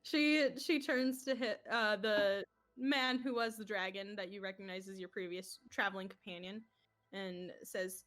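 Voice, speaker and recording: A woman's voice: medium pitch, fairly even intonation, measured pace, fairly bright tone. A woman narrating as game master of a tabletop game, laughing often as she describes scenes and voices characters.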